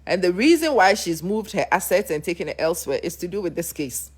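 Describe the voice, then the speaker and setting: A woman's voice: on the low side, big pitch swings, brisk, breathy edge. A woman with a Ghanaian accent hosting a livestream, emphatic and preachy in her storytelling. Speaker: host. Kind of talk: livestream commentary.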